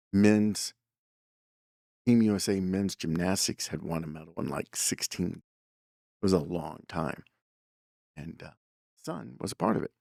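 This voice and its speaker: Deep gravelly man telling a story. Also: a little mellow, no room sound, studio quality. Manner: rambling, with many fillers and self-corrections. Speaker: podcast host. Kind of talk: casual storytelling monologue.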